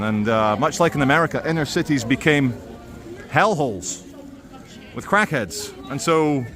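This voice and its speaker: A man's voice: fairly high pitch, a bit bright. A man, narrating a walking street vlog in a wry, sardonic tone. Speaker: street vlogger. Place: outdoors on city streets.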